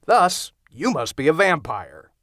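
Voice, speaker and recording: A man's voice: on the high side, very animated, measured pace, fairly bright tone, dry recording, pitched above the performer's own voice, exaggerated voice. A man voicing a blunt, unflappable young coworker in an audiobook, delivering lines in a dry, bored tone. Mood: deadpan. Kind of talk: audiobook character voice. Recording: dry close studio sound.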